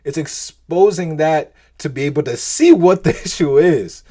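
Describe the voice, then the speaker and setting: A man's voice: on the high side, normal speed, warm tone. A man hosting a podcast, musing in a loose, rambling way with frequent restarts and little chuckles, reflecting on faith. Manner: rambling, many restarts and "you know"s, chuckles. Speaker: podcast host. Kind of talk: casual faith-based reflection.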